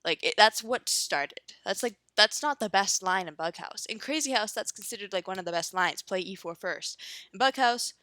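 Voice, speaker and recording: A woman's voice: mid-range voice, expressive, normal speed, pushed and bright, dry recording, clean studio sound. A young woman giving casual chess commentary while she plays online, ranting and swearing with lots of fillers. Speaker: chess streamer.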